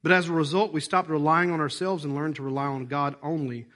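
A man preaching a sermon in church, animated and hoarse, with a worn-out voice. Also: fairly high pitch, fairly quick. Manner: animated, acts out voices and asides. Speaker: pastor.

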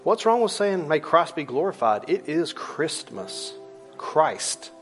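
A middle-aged pastor preaching with a slightly raised voice. He talks to his congregation in a relaxed, conversational way and hammers points home through repetition. He drops low and slow on the words that matter, over faint music in a church. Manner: rises loud for emphasis, drops low and slow on key words. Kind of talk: sermon.

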